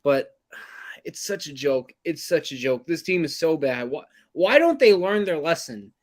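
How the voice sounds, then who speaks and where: A fired-up man with a notably high voice, cursing and sighing through a heated sports rant. He sounds exasperated, swinging from loud outbursts to tired mutters as he vents about his team on a podcast. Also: expressive, unhurried. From New York area. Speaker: podcast co-host.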